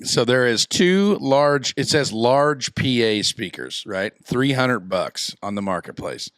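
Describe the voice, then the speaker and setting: A man co-hosts a casual podcast, spinning animated stories and breaking into big laughs. His voice is smooth and resonant, rising and falling freely. The sound is close and dry, with no room around it. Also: medium pitch, takes it slowly, dry recording. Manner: animated storyteller, laughs loudly. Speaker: podcast co-host.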